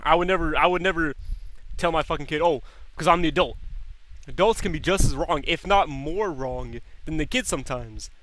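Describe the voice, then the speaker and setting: A man's voice: a little high, fairly quick, fairly bright tone. A young man streaming, chatting casually and swearing freely, repeating words as he thinks aloud. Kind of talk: casual chat.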